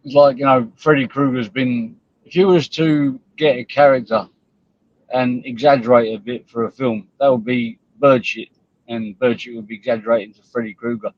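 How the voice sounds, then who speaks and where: A man's voice: mid-range voice, steady tone, moderate pace, no echo. A man hosting a live stream, ranting bluntly and scornfully at viewers and rivals, with frequent swearing. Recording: dull lo-fi stream audio.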